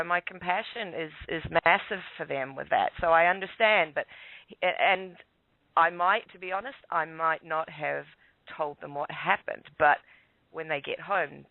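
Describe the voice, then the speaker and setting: A man on a thin, tinny phone line tells a long personal story in a loose, rambling way, poking fun at himself and chuckling as he goes. His voice sits a bit higher than most men's and sounds completely dry, with no room around it. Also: normal speed, creaky, dry recording. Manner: rambling, self-mocking, chuckles often. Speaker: guest caller. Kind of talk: casual storytelling.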